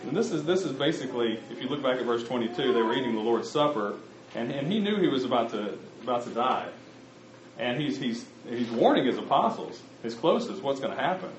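A man's voice: medium pitch, expressive, fairly quick, slight background noise. A man preaching a sermon, talking conversationally and speaking directly to his congregation. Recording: roomy, slightly muffled recording.

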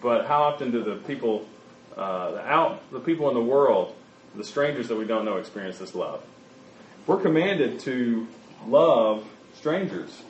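Man, preacher, conversational halting sermon, roomy echo, dull muffled sound. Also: mid-range voice, animated, distant mic, a little hiss or hum. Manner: conversational, halting, with many fillers and restarts. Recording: echoey, dull room recording.

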